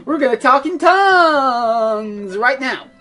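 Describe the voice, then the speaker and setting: Lively, rambling woman gamer. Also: high-pitched, soft background music. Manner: rambling, self-mocking, quick-talking and swears. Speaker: let's play gamer. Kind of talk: casual game commentary.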